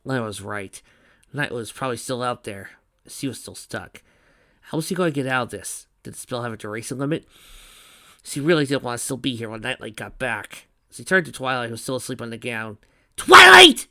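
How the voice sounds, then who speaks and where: A man reading fan fiction aloud in a steady voice, with small slips and restarts. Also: medium pitch, brisk, no room sound, clean studio sound. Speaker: reader.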